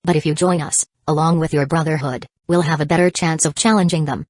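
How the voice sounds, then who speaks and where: A woman gives voice to a composed, purposeful woman in a storybook. She speaks in a level, businesslike way. The low voice is close-miked and dry. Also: fairly even intonation, a little fast, no room sound.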